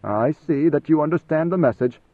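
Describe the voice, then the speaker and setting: A man voicing a fearful male messenger who speaks in a tightly controlled, urgent, hushed way. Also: a little high, lively intonation, normal speed, no echo. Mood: tense. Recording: tinny phone-like band, dry.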